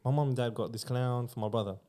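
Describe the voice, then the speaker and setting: A man's voice: mid-range voice, fairly even intonation, fast, warm tone. A man chatting casually on a podcast, rambling through spooky stories with lots of swearing and filler words. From Australia. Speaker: podcast guest. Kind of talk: casual storytelling chat.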